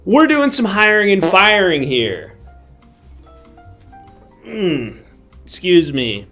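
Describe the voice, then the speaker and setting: A man's voice: high voice, animated, slow, sharp tone, soft background music, heavily acted. A man playing a rambling male corporate hiring manager in improvised live comedy, chatty and often restarting his sentences. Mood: chummy. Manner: chatty, rambling, self-interrupting. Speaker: comedy character host.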